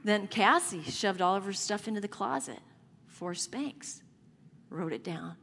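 A woman's voice: medium pitch, lively intonation, a little slow, vocal fry, a bit bright, slight background noise. A middle-aged woman preacher telling a family story in an earnest, conversational sermon. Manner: earnest, conversational anecdote building to emotion. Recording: long hall reverb.

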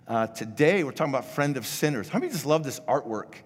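A man's voice: medium pitch, lively intonation, fast talker. A man in his fifties preaching a sermon as pastor, casual and rambling with frequent restarts. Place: church sanctuary. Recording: echoey church hall.

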